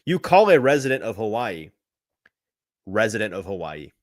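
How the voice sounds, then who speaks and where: Guy hosting a sports podcast, lowish voice, rambly and joking, dry close mic. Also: sing-song, moderate pace, no room sound. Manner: rambling, self-deprecating, chuckling asides. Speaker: podcast host. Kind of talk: casual sports podcast chat.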